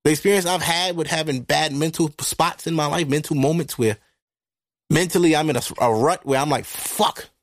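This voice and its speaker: A man hosting a podcast, talking through a casual monologue into a microphone in a blunt, profane, animated way. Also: on the high side, a little fast. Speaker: podcast host. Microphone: studio microphone.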